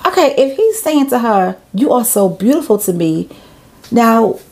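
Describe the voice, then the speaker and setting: A woman's voice: fairly high pitch, big pitch swings, unhurried, darkish tone. A woman hosting her channel, chatting casually and reading messages aloud with chatty asides and rhetorical questions. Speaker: channel host.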